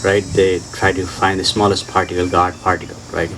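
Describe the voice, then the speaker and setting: A man giving an informal spiritual talk and answering questions, repeating his points insistently in slightly broken English and laughing softly. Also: sits low, level tone, fairly quick, distant mic, a little hiss or hum, rough recording. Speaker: spiritual teacher.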